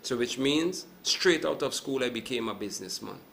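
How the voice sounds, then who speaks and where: A man from Sint Maarten speaks as a guest on a live talk show, explaining business matters with step-by-step examples. His voice is bright and forceful. A faint noise sits under the recording. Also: mid-range voice, normal speed, gravelly. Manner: animated, explains with examples and asks "right?". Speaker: event producer and businessman guest.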